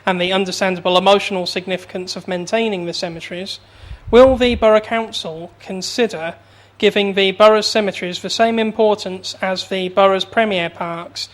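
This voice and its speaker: A woman's voice: mid-range voice, fairly even intonation, moderate pace. Woman councillor reading a formal question. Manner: read-aloud, formal.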